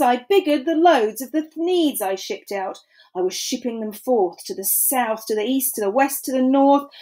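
Brief: a woman narrating a children's book, animated and unhurried, fairly high voice. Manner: animated, drawn-out storytelling. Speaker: storybook reader. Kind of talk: expressive children's read-aloud.

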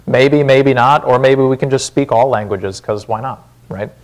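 Conversational pastor with a Wisconsin accent. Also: male voice, medium pitch, measured pace. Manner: conversational, frequent "right?" check-ins. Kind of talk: sermon. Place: church.

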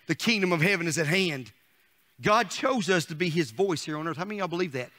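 A middle-aged male pastor giving a fiery sermon, firing questions at the congregation and swinging from shouted declarations to soft asides. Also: on the high side, animated, fast.

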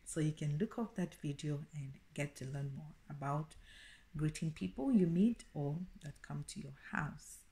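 A woman teaches a casual video lesson. Her voice sits low and mellow, and she says each phrase twice, explaining it slowly. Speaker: language teacher.

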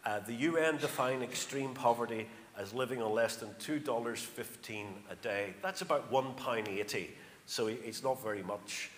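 In an echoey church hall with faint noise, a middle-aged Northern Irish man with a County Armagh accent speaks for a charity. His fairly bright, mid-range voice runs at normal speed as he tells anecdotes chattily and leans on his figures.

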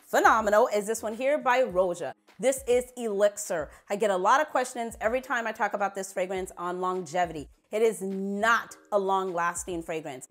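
A woman's voice: medium pitch, a bit bright. A woman vlogger chatting casually to camera, sassy and playful, laughing at herself as she talks. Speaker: beauty vlogger.

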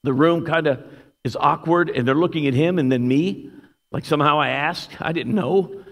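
A man preaching a sermon as a guest speaker, telling a story with lively animation. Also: on the high side, moderate pace. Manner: animated storyteller, shouts when acting out quotes. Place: church sanctuary. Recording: long hall reverb.

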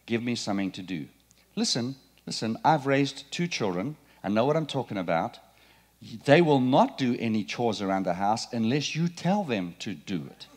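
A middle-aged man preaching a sermon in a church, playful and animated, quizzing the congregation. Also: mid-range voice. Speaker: pastor. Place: church sanctuary.

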